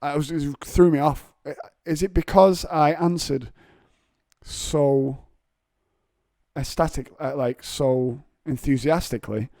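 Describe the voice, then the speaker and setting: A young man, hosting a solo podcast in casual chat, telling jokey stories and putting on high voices to mimic people. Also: slow pace, warm tone, dry recording, clean studio sound. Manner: jokey storytelling, acts out voices of others in high pitch. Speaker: podcast host.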